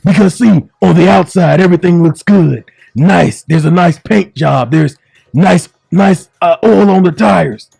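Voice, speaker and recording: Man doing a fiery Southern bishop, high and loud, dry booth sound. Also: a little slow, creaky, slightly rough, dry recording, heavily acted. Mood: preaching. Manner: preachy, rising and shouting.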